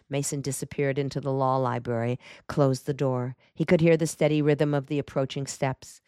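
A woman reading a detective novel aloud in a measured, even storytelling manner. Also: very deep voice, clear, resonant tone, no room sound, clean studio sound. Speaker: audiobook narrator. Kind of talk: scripted narration.

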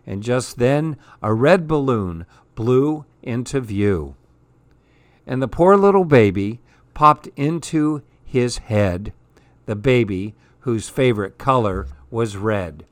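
A man reads a rhyming children's story aloud, slow and measured, keeping the rhythm of the verse. His voice sits in a middle pitch, dry and close with no room sound. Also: lively intonation, no echo. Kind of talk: reading a rhyming picture book aloud.

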